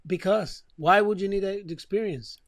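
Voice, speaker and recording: A man's voice: high-pitched, normal speed, no echo, studio quality. A man co-hosting a podcast in casual chat, blunt and sarcastic. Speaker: podcast co-host.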